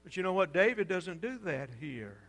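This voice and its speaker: High-voiced preacher in a reverberant hall. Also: male voice, big pitch swings, normal speed. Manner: preaching with dramatic swells and hushed drops. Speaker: pastor. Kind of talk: sermon.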